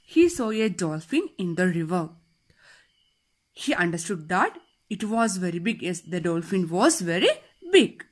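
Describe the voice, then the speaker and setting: Slow, deliberate woman teacher with an Indian English accent. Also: lowish voice, sing-song. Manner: slow, deliberate reading in short phrases, asking and answering her own questions. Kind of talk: reading and explaining a story lesson.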